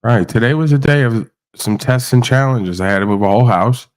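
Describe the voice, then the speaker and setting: A man's voice: mid-range voice, fairly quick, clear, resonant tone. A man hosting an online panel show, ranting casually and rambling, often asking "right?". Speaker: podcast host. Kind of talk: casual rant to panel guests. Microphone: video call.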